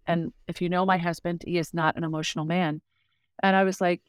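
A woman's voice: lowish voice, steady tone, a little fast, dry recording, clean studio sound. A middle-aged woman speaking as a guest, telling a personal story in an earnest, heartfelt way with frequent fillers. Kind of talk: casual conversational testimony.

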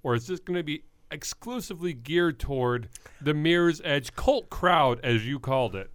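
A man's voice: on the high side, expressive, normal speed, a bit bright, clear, resonant tone, dry recording, studio quality. A man co-hosting a casual podcast chat, joking and teasing his co-host.

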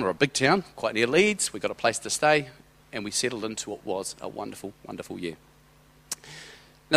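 A middle-aged man preaches by recounting a personal story, his voice medium in pitch with some brightness. As a church speaker he drifts and rambles conversationally, stopping and restarting hesitantly.

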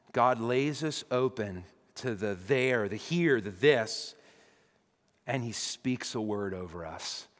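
A male pastor preaching a sermon, impassioned, swinging between loud urgency and hushed storytelling in a church sanctuary. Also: medium pitch. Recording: long reverb of a large hall.

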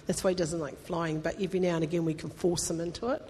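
A woman's voice: lowish voice, fairly even intonation, quick pace, mellow, slight background noise. A woman pastor, preaching a conversational, emphatic sermon that rises into fervent appeals to the congregation. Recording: long hall reverb.

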